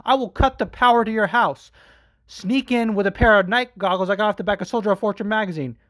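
A man doing a high, shouting trash-talking fighter. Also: no room sound. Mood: taunting. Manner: high, shouty, drawn-out sneering delivery. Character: brash male fighter threatening a rival, mocking.

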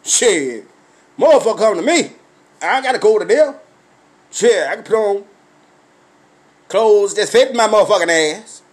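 A man delivers a blunt, swear-filled comic rant. His voice sits high for a man, and he keeps it animated, breaking into laughs as he tells his story. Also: normal speed, long pauses.

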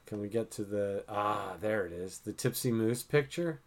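A man's voice: on the low side, moderate pace. A middle-aged man hosting a casual chat with his daughter, self-mocking and full of fillers. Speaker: podcast host.

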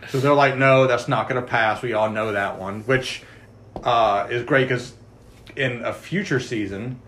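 A man's voice: medium pitch, unhurried, slight background noise. A man co-hosting a podcast, casually recapping a TV episode and quoting the characters as he goes. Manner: chatty storyteller, quotes characters in lively asides. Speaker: podcast co-host.

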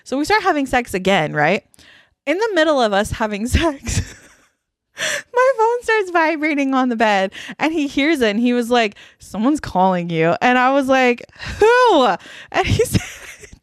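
A woman's voice: sits high, very animated, moderate pace, no echo, studio quality. A young woman co-hosting a podcast, telling a story casually and bluntly, swearing a lot and often laughing. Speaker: podcast co-host. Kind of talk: casual chat.

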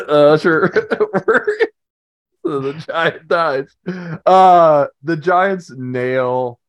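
A man's voice: a little high, very animated, drawn-out words, clear, resonant tone. A man co-hosting a casual podcast, joking and laughing often. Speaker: podcast co-host. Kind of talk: casual chat.

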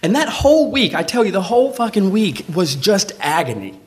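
A man telling a true personal story live on stage, in casual, swearing talk, acting out the voices of the people in it. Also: brisk. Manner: animated, acts out quoted voices with big pitch jumps; swearing, conversational, frequent "like".

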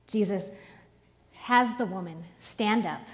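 A woman preacher delivering a sermon, telling a story slowly and dramatically with pauses. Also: mid-range voice, in a large hall.

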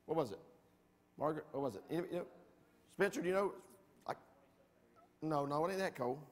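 High-voiced preacher in a reverberant hall. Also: male voice, a little fast. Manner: animated storytelling, folksy, emphatic. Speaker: pastor. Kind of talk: sermon. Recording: long reverb of a church hall.

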